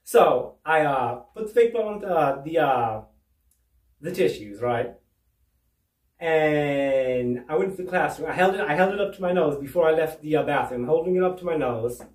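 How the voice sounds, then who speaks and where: A man's voice: a little high, animated, normal speed, far from the mic. A man doing stand-up storytelling from home, rambling with restarts and "right?" asides. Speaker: stand-up comedian. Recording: roomy, away from the mic.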